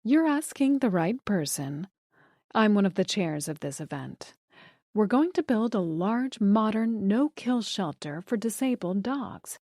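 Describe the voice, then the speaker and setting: A woman's voice: medium pitch, very animated, measured pace, dark tone, no room sound, studio quality. A woman voicing a poised society wife with a cool, guarded manner.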